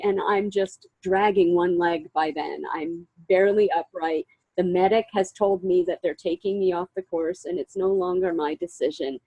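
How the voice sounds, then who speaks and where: Woman, interview guest, husky voice, emotional storytelling, acts out quotes, dry close sound. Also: mid-range voice, no room sound, rough recording. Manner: animated, reenacts scenes with quoted dialogue.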